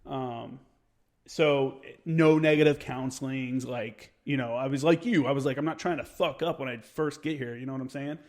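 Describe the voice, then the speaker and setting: A young man in casual podcast conversation, his pitch sitting squarely in the middle. He tells a story with plenty of swearing and acts out every quoted line. The storytelling keeps moving. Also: normal speed. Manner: profane, animated storyteller who acts out quotes. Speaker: podcast guest.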